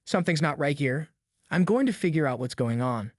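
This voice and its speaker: A man as a calm, composed homeowner. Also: on the high side, brisk, dry recording, clean studio sound. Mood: calm firm.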